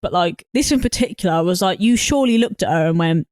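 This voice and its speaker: A woman's voice: fairly low pitch, animated, fast, few pauses, darkish tone, no echo. A woman co-hosting a casual movie review podcast, incredulous and mocking, swearing at the film's logic. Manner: incredulous, swears, mocks the film. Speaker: podcast co-host.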